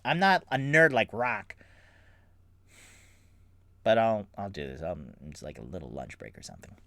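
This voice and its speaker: An animated man narrating a solo tabletop game live from his room at home. His voice swings up and down with lively, bouncing pitch, and the sound is dry and close to the mic. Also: normal speed, gravelly, no echo. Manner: animated, rambling, talks to chat. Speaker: dungeon master and solo player.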